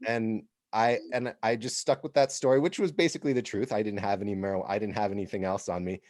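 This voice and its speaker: Low-voiced American man telling stories. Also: quick pace, dry recording, studio quality. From United States. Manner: animated, laughs while telling stories. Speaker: podcast host. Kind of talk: casual storytelling.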